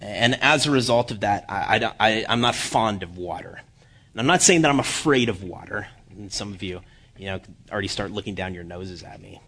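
A man giving a sermon as guest preacher, joking at his own expense with halting restarts. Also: on the low side, a bit bright, husky. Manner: self-deprecating humor, halting restarts. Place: church.

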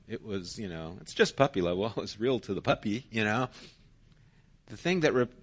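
A male pastor delivers a sermon in an earnest, conversational tone. He makes his points through everyday stories. His voice sits at an ordinary middle pitch for a man. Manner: earnest, conversational preaching with anecdotes.

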